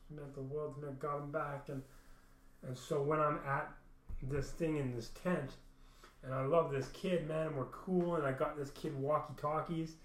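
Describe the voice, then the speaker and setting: A man's voice: on the high side, fairly even intonation, normal speed. A young man casually telling a long personal story, rambling with many restarts and frequent swearing. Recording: roomy echo.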